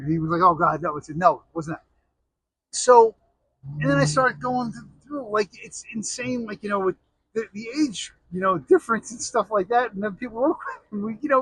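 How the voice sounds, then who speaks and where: A man's voice: high-pitched, a bit bright, husky, no room sound, rough recording. A middle-aged American man telling rambling, jokey stories in a casual monologue, full of restarts and asides. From United States.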